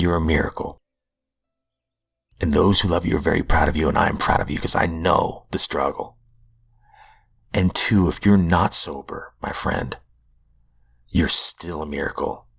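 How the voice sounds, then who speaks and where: A man's voice: sits low, moderate pace, creaky, long pauses, fairly bright tone, husky, soft background music. A man hosting a recovery podcast, telling his own story in an earnest, heartfelt, self-deprecating way. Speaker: podcast host. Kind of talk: personal recovery testimony.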